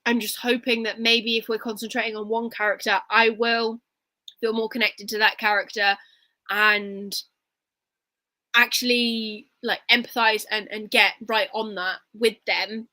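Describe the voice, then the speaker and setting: A woman's voice: on the high side, flat delivery, unhurried, sharp tone, no echo, poor audio. A woman co-hosting a casual livestream book chat, talking in a rambling, reflective way with many restarts. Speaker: book podcast co-host.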